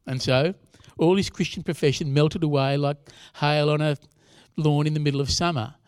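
A man's voice: on the high side, fairly even intonation, moderate pace, smooth, dry recording. A younger man preaching a sermon in a conversational way, with asides to the congregation. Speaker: pastor.

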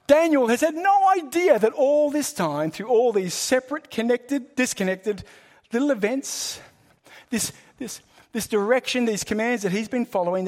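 A man preaching a sermon in a high voice. He builds emphasis by repeating phrases, then drops to a near hush before lifting again. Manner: emphatic, with swings between loud and hushed.

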